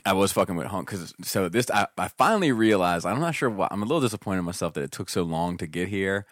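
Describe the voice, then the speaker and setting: A man telling stories in casual chat, animated and profane, acting out what others said. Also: sits low, fast, no echo, clean studio sound. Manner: animated, profane, acts out quotes in raised voices.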